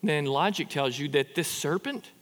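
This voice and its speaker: A man preaching a sermon in a conversational, animated way, full of rhetorical questions and quick restarts. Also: fairly high pitch, in a large hall. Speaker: pastor.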